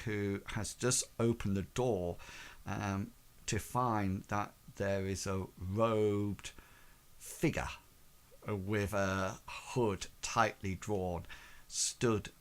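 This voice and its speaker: A man's voice: on the low side, extremely slow. A man narrating as game master, rambling and full of "sort of, like" fillers.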